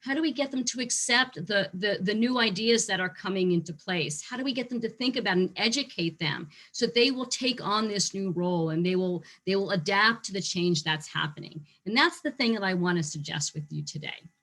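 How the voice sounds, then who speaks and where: A woman teaching a short online lesson on facility management, talking lively and acting out how staff react to change. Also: mid-range voice, brisk, hardly any pauses. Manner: lively, acts out staff reactions in quoted voices.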